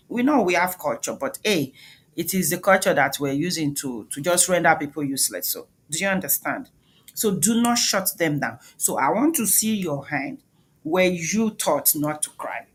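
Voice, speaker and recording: Husky Nigerian woman addressing an audience. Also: lowish voice, very animated, moderate pace. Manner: emphatic, questions the audience directly. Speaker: speaker, doctor. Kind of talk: motivational talk to a live audience.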